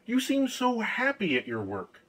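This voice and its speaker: A man's voice: very high voice, huge pitch swings, a little slow, fairly bright tone, pitched above the performer's own voice, exaggerated voice, low-quality recording. A man voicing a simple, cheerful young man who is easily pleased, in an eager, naive manner.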